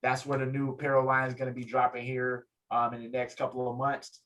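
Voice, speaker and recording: A man, a guest on an interview show, telling a story with lively energy and acting out what others said. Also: brisk, low-quality recording. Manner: lively, acts out quotes, swings pitch up in excitement. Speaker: guest, photographer and fighter. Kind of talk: animated storytelling in casual interview.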